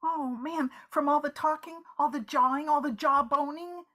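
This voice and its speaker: A woman's voice: high voice, steady tone, moderate pace, sharp tone. A woman in a live improv scene, playing a talkative, fussing friend who is spooked by silence, repeating words as she frets. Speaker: improv performer.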